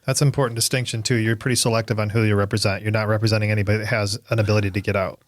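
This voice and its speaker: A man's voice: lowish voice, little pitch movement, racing. A man hosting a casual interview, asking easygoing questions and giving short affirming replies. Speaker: podcast host.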